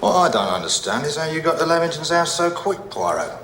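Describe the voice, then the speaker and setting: An actor playing a brusque, sardonic police inspector. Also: male voice, a little high, very animated, fairly quick, reverberant, background noise. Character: gruff, self-assured police inspector, middle-aged man. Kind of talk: television drama acting.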